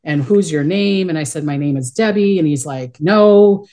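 A woman's voice: low voice, moderate pace, warm tone. A middle-aged woman telling stories in a casual interview, rambling and chatty, often restarting her sentences. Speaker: guest, psychic medium.

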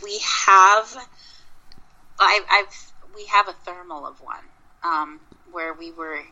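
A woman's voice: lowish voice, takes it slowly, bright, forceful tone, dull audio. A woman from Minnesota, a Bigfoot researcher, telling long rambling stories in a casual interview. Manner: rambling, with many restarts and fillers.

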